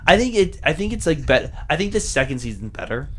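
A man's voice: fairly high pitch, sing-song, quick pace, slight background noise. A young man in casual chat with friends, animatedly retelling cartoon scenes and swearing freely. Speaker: friend in conversation.

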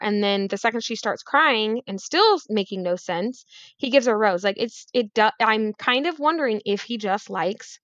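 A woman chatting casually with a co-host, quick with wry, skeptical asides. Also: mid-range voice, animated, fairly bright tone, no room sound, highs cut off. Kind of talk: casual chat recapping a dating show.

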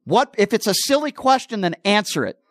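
A man hosting a call-in radio show, loudly confronting a caller, sarcastic and repeating his questions. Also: high-pitched, sing-song, a little fast, dry recording, studio quality. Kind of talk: combative call-in radio talk. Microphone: studio microphone.

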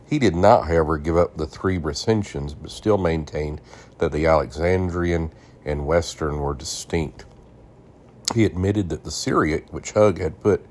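A man's voice: deep voice, a little mellow. A man hosting a Bible podcast, reading an old scholarly text aloud and stopping to add his own comments and spell out names. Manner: reads deliberately, stops to explain names and spellings.

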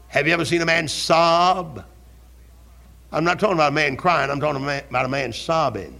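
An older man preaching a fervent sermon as pastor in a church, repeating his questions and rising to shouts. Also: a little high, gravelly. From American South. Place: church sanctuary. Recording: 1971 archival church recording.

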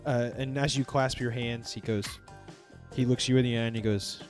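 A man narrating as game master of a tabletop role-playing game, in a relaxed, loose storytelling way. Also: medium pitch, moderate pace, faint music behind.

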